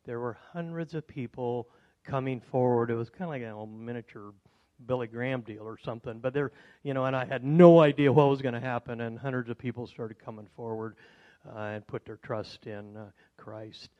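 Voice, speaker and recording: Middle-aged guy telling his faith story, mid-pitched, lots of ums and restarts. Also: muffled recording. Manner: rambling and halting, with many fillers and restarts; animated when retelling exciting moments. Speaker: insurance man giving a testimony. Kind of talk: personal testimony talk.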